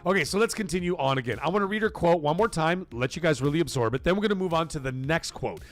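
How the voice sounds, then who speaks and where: A man hosting a live stream, talking in a casual, emphatic and repetitive way, his voice getting hoarse. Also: on the high side, lively intonation, quick pace, faint music behind. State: voice going hoarse. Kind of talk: casual live-stream chat reading donations.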